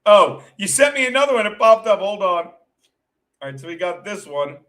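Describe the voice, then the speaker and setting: A man's voice: sits high, sing-song, moderate pace, sharp tone. A man hosting a show as a comedian, telling rambling stories in a casual, profane, chatty way. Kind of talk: casual rambling storytelling chat.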